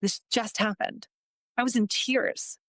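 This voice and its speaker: A woman's voice: fairly high pitch, fairly even intonation, unhurried, fairly bright tone, dry recording. Earnest woman telling heartfelt stories. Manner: earnest, heartfelt storytelling with repeated phrases. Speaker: podcast guest, entrepreneur and coach. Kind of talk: casual interview talk.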